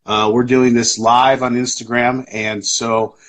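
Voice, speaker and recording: A man's voice: mid-range voice, little pitch movement, unhurried, fairly bright tone. A man hosting a live podcast in casual chat, rambling with lots of fillers and restarts. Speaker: podcast host.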